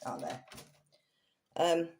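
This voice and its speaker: Chatty woman with a low voice. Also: very animated, extremely slow, a little mellow. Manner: chatty, rambling, self-correcting. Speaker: craft vlogger. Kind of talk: casual haul chat.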